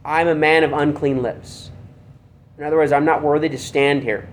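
A man's voice: medium pitch, slight background noise. A male pastor teaching a Bible study, reading passages aloud and asking rhetorical questions. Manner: reads scripture aloud and asks rhetorical questions.

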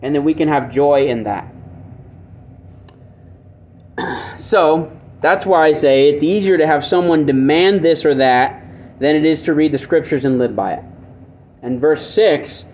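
A man's voice: on the high side, a little slow, pauses often, darkish tone. A man preaching a conversational sermon who keeps asking his listeners rhetorical questions and repeats phrases for emphasis. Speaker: pastor.

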